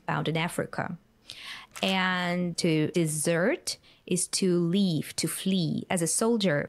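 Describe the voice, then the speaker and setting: Lower-voiced Ukrainian-accented woman teaching. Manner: clear, instructive, addresses viewers as guys. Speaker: English pronunciation teacher. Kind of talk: co-hosted lesson, explaining.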